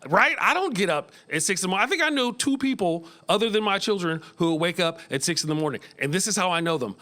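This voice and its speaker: A middle-aged American man doing a stand-up set in a small club, animated, often jumping into high voices. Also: fast. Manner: animated, jumps into high squeaky voices for kids. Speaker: stand-up comedian. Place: small comedy club stage.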